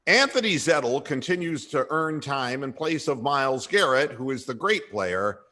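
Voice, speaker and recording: A man's voice: mid-range voice, expressive, moderate pace, sharp tone. A man hosting a comedic sports talk radio show, sardonic and irreverent, with frequent sighs.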